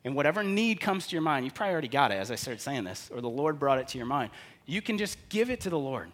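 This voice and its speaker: A man preaching a sermon as pastor, animated, acting out stories and quotes in lively voices. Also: medium pitch, fast talker.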